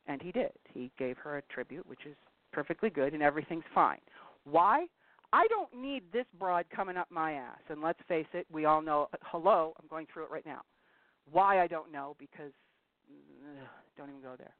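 A woman's voice: low-pitched, animated, normal speed, no echo. A woman hosting a casual advice talk, blunt and scolding her listeners. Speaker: talk show host. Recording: tinny phone-like dry sound.

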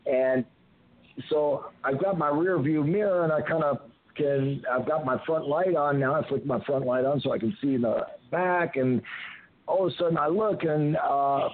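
A man's voice: a little high, normal speed, dry recording. An older man, a retired wrestler, telling rambling stories as a guest in a phone interview, often restarting his sentences. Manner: rambling anecdotes with frequent restarts. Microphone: telephone. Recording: tinny phone line.

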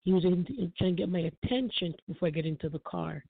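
A woman's voice: lowish voice, animated, fast, gravelly, husky, no echo. A woman guest on a call-in talk show, giving earnest personal testimony and repeating phrases for emphasis. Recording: dry tinny phone line.

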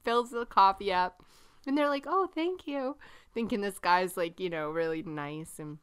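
Middle-aged woman podcast co-host, bright and smooth, laughs through her stories. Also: on the low side, normal speed. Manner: animated storyteller, laughs often. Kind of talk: casual chat.

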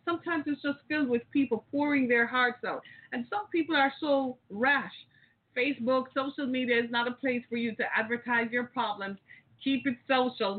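Preachy woman host on tinny audio. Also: high-pitched. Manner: preachy, rousing, addresses listeners directly. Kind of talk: impassioned call-in radio monologue.

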